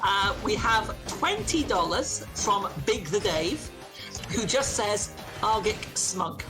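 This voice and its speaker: A woman's voice: mid-range voice, lively intonation, slow pace, over music. A woman hosting a marathon stream, cheerfully reading out donation messages.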